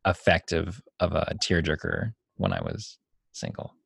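A young man co-hosting a podcast, chatting casually in an animated, rambling way. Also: rumbling low, a little slow, vocal fry, slightly rough, no echo. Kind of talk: casual chat.

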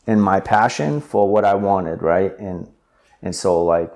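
Low-voiced man telling his story. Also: unhurried, gravelly. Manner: animated retelling with filler words. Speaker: interview guest. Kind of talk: conversational storytelling.

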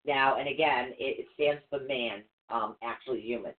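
On a live stream heard through a tinny, phone-like line, a man teaches runes patiently and step by step, spelling out words as he goes and mixing in banter. His voice is mid-range and moderately paced.

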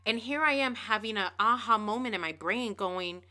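Bright-voiced woman telling a candid story. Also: mid-range voice, normal speed, hardly any pauses. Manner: candid, animated, swearing freely. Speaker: podcast host. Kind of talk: casual storytelling monologue.

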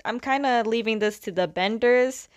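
A woman's voice: on the high side, normal speed, dry recording, clean studio sound, lightly acted. A woman voicing an earnest, anxious young prince who talks hesitantly.

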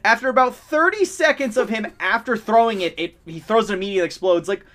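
A man's voice: high-pitched, fast, a bit bright. A man in casual podcast chat, rambling and laughing as he retells movie scenes.

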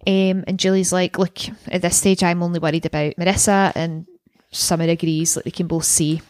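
A woman's voice: fairly low pitch, little pitch movement, normal speed, darkish tone, dry recording, studio quality. A young woman co-hosting a podcast, chatting casually about a TV episode, swearing freely and acting out lines. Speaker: podcast co-host. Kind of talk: casual chat recapping a TV episode.

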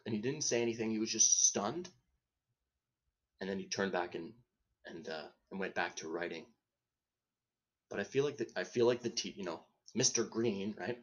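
Laughing at his own tale and regularly breaking off mid-thought, a male podcast host spins a rambling, foul-mouthed comedic story. His voice is on the low side.

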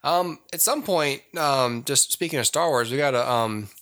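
Co-hosting a podcast, this man chats casually, rambling, restarting sentences, and leaning on lots of fillers. He speaks at normal speed with a medium-pitched, fairly bright voice.

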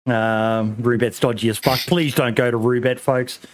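A man's voice: mid-range voice, steady tone, moderate pace. An Australian man hosting a podcast, chatting casually with lots of filler words and swearing. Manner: swears freely, lots of ums and laughs. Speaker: podcast host.

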